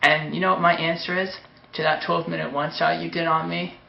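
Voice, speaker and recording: A man's voice: fairly high pitch, flat delivery, fast talker, gravelly. A man giving a taunting, dismissive commentary on a video. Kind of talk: mocking commentary. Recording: echoey, dull lo-fi recording.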